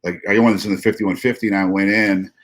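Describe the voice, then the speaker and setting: Low-voiced halting man co-host. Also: fairly even intonation. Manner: halting, restarts, frank and profane. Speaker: podcast co-host. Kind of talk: candid casual chat.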